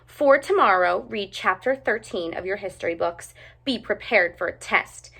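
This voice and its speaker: A strict, no-nonsense schoolteacher, put on by a woman reading a storybook aloud, firm and commanding. Her voice is bright and lively, rising and falling as she scolds. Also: mid-range voice, normal speed, husky. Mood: instructing. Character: strict stern female schoolteacher, middle-aged.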